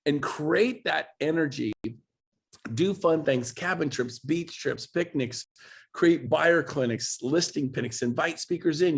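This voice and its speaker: A man's voice: fairly high pitch, creaky. A man coaching on a webinar video call, talking emphatically and pushing his listeners, often climbing into exclamations. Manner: emphatic, pushy, builds to exclaiming. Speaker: real estate coach. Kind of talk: motivational webinar talk.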